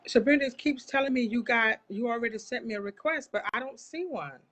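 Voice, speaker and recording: Husky-voiced woman hosting a live stream. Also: fairly high pitch, a little fast, a bit bright. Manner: impassioned, talks straight to viewers. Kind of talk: casual live chat.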